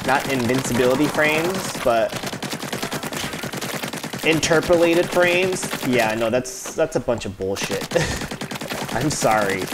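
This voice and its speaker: A woman streamer chatting casually and swearing freely as she plays a game and reads its text aloud. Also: sits low. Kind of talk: casual chat while gaming. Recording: game music and gunfire behind.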